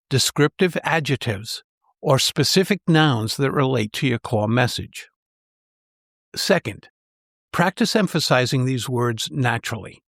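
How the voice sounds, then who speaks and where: A man, a public speaking trainer, giving a scripted podcast lesson in a clear, measured way, stressing key words on purpose. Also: medium pitch, no echo, clean studio sound.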